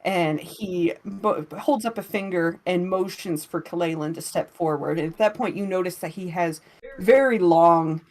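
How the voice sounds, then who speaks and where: A woman narrating a tabletop game as game master in a casual, relaxed way with many fillers. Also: lowish voice.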